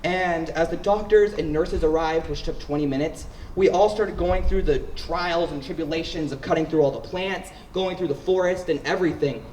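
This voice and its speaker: A teenage boy telling a personal story on stage at a school event, lively and playful in a casual way. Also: a little high, normal speed, few pauses, a little hiss or hum. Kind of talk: live storytelling. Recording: roomy hall, mic far off.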